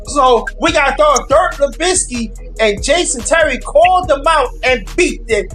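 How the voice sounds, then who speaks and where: Podcast co-host, female, high pitch, emphatic talker addressing listeners. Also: lively intonation, moderate pace, a bit bright, faint music behind. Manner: stammering repeats, then emphatic points to listeners. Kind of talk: casual sports chat.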